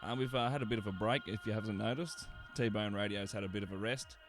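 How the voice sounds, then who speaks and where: A lowish-voiced Australian man hosts a casual radio show, rambling through crude, sarcastic banter. He swears constantly and stalls on fillers as he goes. Faint music sits in the background. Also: fast.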